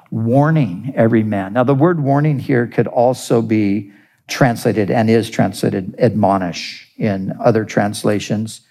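A male pastor delivers a sermon in an unhurried, measured way. His voice carries a gravelly, creaky texture, and he drives points home by repeating key phrases with emphasis. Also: on the low side, warm tone. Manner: earnest preaching, deliberate with emphatic repetition.

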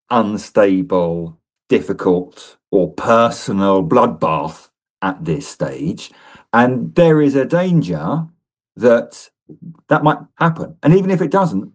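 A man from a think tank, a guest on a live radio interview, speaking in a thoughtful, measured, lightly wry way. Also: lowish voice, a little mellow.

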